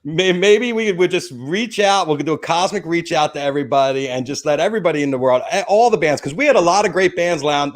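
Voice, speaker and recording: A man with a New Jersey accent hosting a casual interview, rambling enthusiastically with lots of restarts. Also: fairly high pitch. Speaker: host.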